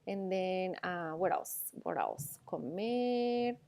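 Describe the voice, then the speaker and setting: A woman's voice: on the low side, gravelly, darkish tone. Patient woman teaching, checking in often. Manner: explains slowly with frequent "okay?" and "all right?" checks. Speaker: Spanish teacher. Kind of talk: classroom lecture.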